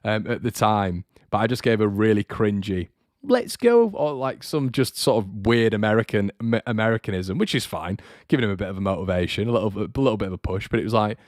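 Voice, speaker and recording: A man's voice: fairly low pitch, steady tone, fast, hardly any pauses, dry recording, clean studio sound. A young man hosting a fan channel livestream, chatting in a rambling way and reading out viewer comments. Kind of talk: casual livestream chat.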